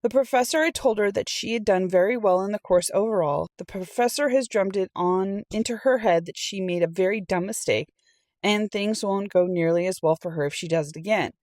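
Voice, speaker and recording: A middle-aged woman reading a storytime aloud and telling her own college story in a chatty, animated way. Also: mid-range voice, brisk, dry recording. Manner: chatty and animated, acts out quoted people. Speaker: storytime reader and channel host. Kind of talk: casual storytime reading with personal anecdote.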